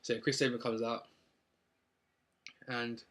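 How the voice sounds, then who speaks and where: A man's voice: mid-range voice, little pitch movement, slow pace, fairly bright tone. A young man from London with a London accent, casually recapping a wrestling show with lots of ums and likes. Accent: London English. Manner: rambling, upbeat, many ums and likes.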